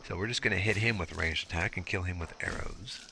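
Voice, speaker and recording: A young man with a low-pitched voice and vocal fry gives casual let's-play walkthrough commentary over gameplay, explaining things briskly with filler words as he goes. Background noise is audible.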